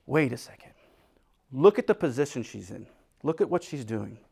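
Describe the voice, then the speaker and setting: A man preaching a sermon, emphatic, swinging between loud declarations and hushed quoted lines. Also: medium pitch, very animated, normal speed, vocal fry, breathy edge.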